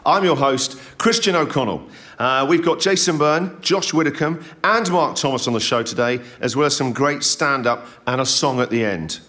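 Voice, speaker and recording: A man's voice: mid-range voice, normal speed, pushed and bright. A man hosting a comedy podcast, introducing the acts in an upbeat, jokey presenter's manner. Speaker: podcast host.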